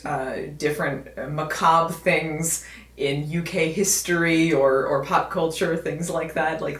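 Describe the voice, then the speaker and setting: An American woman casually and wryly chatting to camera in a vlog, with many fillers. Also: low-pitched. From United States. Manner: chatty, wry, lots of fillers. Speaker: video host. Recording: echoey room.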